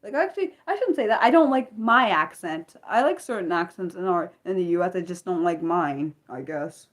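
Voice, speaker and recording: A woman's voice: fairly low pitch, expressive, normal speed. A woman from Maryland with a Maryland American accent, hosting a casual unscripted livestream and rambling along with many fillers and restarts. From Maryland, USA. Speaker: livestream host.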